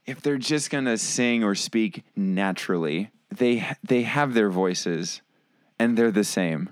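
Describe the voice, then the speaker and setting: Male podcast co-host, low voice, dry close sound, playful arguer who restarts his sentences. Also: takes it slowly, clear, resonant tone, no room sound. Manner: playful, argumentative, restarts often. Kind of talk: casual podcast banter.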